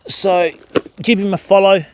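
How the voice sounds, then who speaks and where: Man, laid-back livestream chat, slightly high voice, riverside outdoor noise. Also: little pitch movement, a little slow. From Australia. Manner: chatty, laid-back, talks to viewers as mates. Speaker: fishing livestreamer. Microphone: phone.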